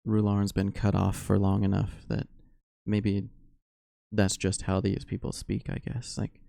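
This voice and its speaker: A man's voice: fairly low pitch, monotone, unhurried, gravelly, warm tone, dry recording. A man voicing a male adventurer in a tabletop game who thinks aloud in a thoughtful, wondering way, close to his own voice. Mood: musing.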